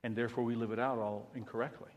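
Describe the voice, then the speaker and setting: A male pastor preaching a sermon, swinging between loud emphatic passages and hushed ones. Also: medium pitch, flat delivery, racing, lo-fi sound. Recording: long reverb of a large hall.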